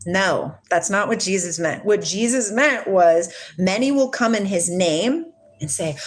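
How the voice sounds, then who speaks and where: A woman hosting a casual spiritual livestream from home. She rambles from topic to topic and reads viewer comments aloud. Her pitch jumps around a lot as she gets worked up. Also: expressive, measured pace. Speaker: livestream host.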